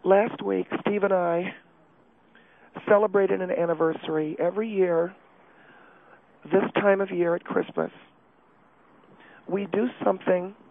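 A man's voice: high-pitched, fairly even intonation, vocal fry, voice pushed up. A man playing a distraught, prim housewife on a tinny phone line. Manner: halting, breathless, self-pitying confession. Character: distraught, prim middle-aged wife calling in. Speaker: caller.

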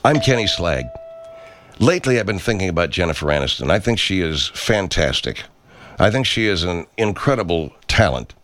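A man's voice: low-pitched, sing-song, normal speed, a bit bright, soft background music. A man in a studio recording pompous self-help promos in an improvised comedy sketch.

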